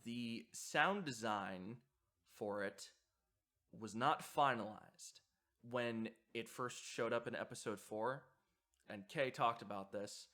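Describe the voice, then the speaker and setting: A man with a medium-pitched voice speaks slowly, his tone pushed and bright. He hosts a video essay, offering reflective commentary on horror sound design, hesitating often with fillers and restarts.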